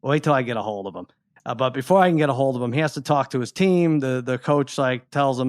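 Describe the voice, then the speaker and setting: A middle-aged man co-hosting a podcast, telling an animated, exasperated story in casual chat. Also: medium pitch, quick pace, no room sound, clean studio sound. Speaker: podcast co-host.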